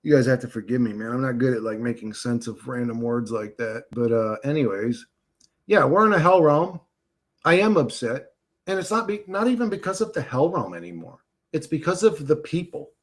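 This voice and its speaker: A man's voice: mid-range voice, expressive, moderate pace. Brief: male streamer, heated profane rant, reacting to chat. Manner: agitated, profane, talks back to chat comments. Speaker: livestream host reading chat. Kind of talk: casual livestream rant.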